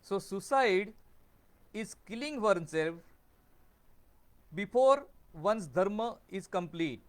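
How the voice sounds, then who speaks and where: A man, hosting a video series and explaining tradition in measured, deliberate phrases. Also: sits high, expressive. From India. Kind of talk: explanatory talk to camera.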